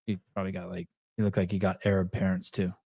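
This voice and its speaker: Low voice guy hosting a podcast, halting and blunt, dry close mic. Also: completely flat delivery, gravelly, darkish tone, no room sound. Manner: halting, many fillers and restarts, blunt with swearing. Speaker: podcast host. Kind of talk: casual commentary while playing clips.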